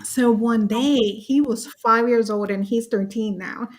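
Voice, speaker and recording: A woman with a fairly high voice tells personal stories with real animation, acting out each voice as she goes. She speaks as a panelist over a video call. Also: measured pace. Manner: lively, acts out voices in her stories. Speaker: summit panelist, parent.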